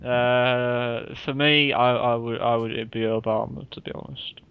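A man's voice: mid-range voice, steady tone, unhurried, creaky, narrow, tinny audio, slight background noise. A man co-hosting a casual podcast, bantering and laughing often between remarks. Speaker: podcast co-host. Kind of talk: casual chat.

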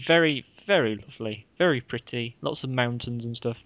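A man's voice: mid-range voice, fairly quick, no room sound. A man co-hosting a casual podcast chat, telling rambling stories and laughing often. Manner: rambling, giggly storyteller. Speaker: podcast co-host. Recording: dull, dry lo-fi recording.

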